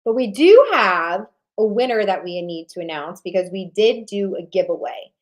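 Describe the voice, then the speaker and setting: Woman, thirties, livestream host, motivational, emphatic, repetitive, loud bursts and quiet drops, mid-pitched. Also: animated, normal speed, rough recording. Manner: fired-up, emphatic, repeats lines for emphasis; swings between loud punches and low, intimate drops. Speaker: online business coach hosting a summit. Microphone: livestream webcam mic.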